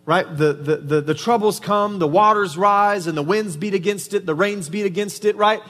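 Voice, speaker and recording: A man's voice: high-pitched, normal speed, a bit bright. A male pastor preaching a conversational sermon in a church, often asking "right?" to the congregation. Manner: conversational preaching, frequent "right?" tag questions. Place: church sanctuary. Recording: reverberant hall.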